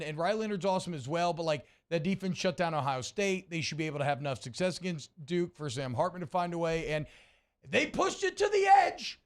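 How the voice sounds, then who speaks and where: A man co-hosting a sports radio show, talking in an animated, joking and emphatic way. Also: a little high. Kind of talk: casual sports talk.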